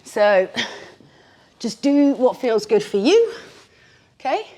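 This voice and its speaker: Coaching a bodyweight session, this female instructor keeps things chatty, jokey and encouraging while slightly winded, her clip-on mic fastened to her t-shirt. Her mellow voice is a little high, slow, with big pitch swings.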